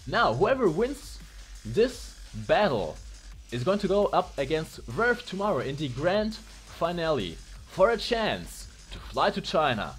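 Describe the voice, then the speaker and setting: A man's voice: a little high, big pitch swings, faint music behind. A man commenting live on a video game match with playful, joking banter. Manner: playful, jokey, fast banter. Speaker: esports commentator.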